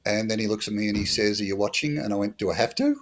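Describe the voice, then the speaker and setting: Speaking fast at a fairly low pitch, a middle-aged Australian who once served as a bush police officer tells wry, dryly humorous anecdotes in a storytelling interview, using lots of fillers.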